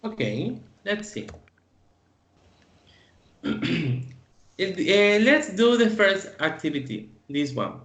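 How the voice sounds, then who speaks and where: A man's voice: sits high, very animated, slow, pauses often, fairly bright tone, reverberant. A male English teacher whose first language is Spanish, patiently explaining grammar in an online class and often checking in with "okay?".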